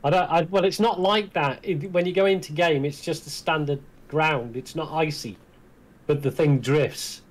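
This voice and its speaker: A man's voice: fairly high pitch, normal speed. A man in a casual chat, agreeable and easygoing.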